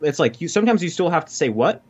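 A man talking casually in an interview about learning a language, quick and full of fillers and restarts. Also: a little high, lively intonation, noisy background. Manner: fast, filler-heavy, restarts often. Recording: dull lo-fi audio.

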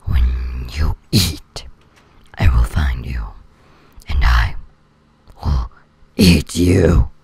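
A creepy monster voice, dropped far below her own, growling and half-whispered. Menacing and slow, heard partly off the mic. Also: very deep voice, a little mellow, husky, pitched below the performer's own voice, exaggerated voice. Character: creepy deep-voiced monster that stalks and eats.

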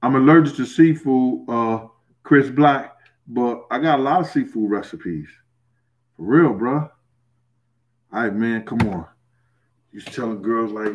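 A man with a New York accent talks loosely to his livestream audience. His speech is streetwise and teasing, broken up by laughter, at an ordinary middle pitch. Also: unhurried, long pauses. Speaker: host reading live chat. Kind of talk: casual livestream talk.

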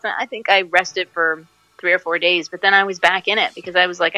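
A woman in her forties, an actress and musician, telling stories in a casual interview, animated and laughing often. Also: on the low side, fairly quick, no echo, lo-fi sound. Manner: animated storyteller, laughs often, acts out quotes.

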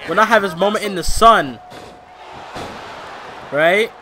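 A young man giving casual, rowdy commentary while playing a wrestling video game, swearing and shouting at the action. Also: high voice, slow pace, slight background noise. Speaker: gaming YouTuber. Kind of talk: casual let's-play commentary.

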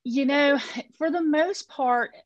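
A woman's voice: sits high, slow pace, no echo. A woman guest on an interview, telling her story conversationally and acting out what people said. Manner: animated, acts out quoted voices. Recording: dull, dry sound.

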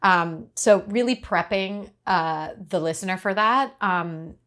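A woman from Uruguay, a podcast host speaking lively on a panel and quick to laugh. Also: medium pitch. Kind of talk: panel discussion.

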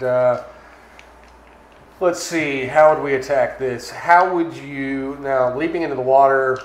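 A man narrates as game master of a tabletop game, painting each scene in vivid detail between small fillers. His voice sits at an ordinary middle pitch. The room around him is echoey, with a faint hiss underneath.

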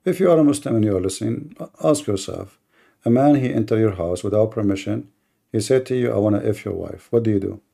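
A male debate livestream host speaks fast in a lowish, warm voice with vocal fry. His combative monologue is mocking and provocative as he challenges his listeners.

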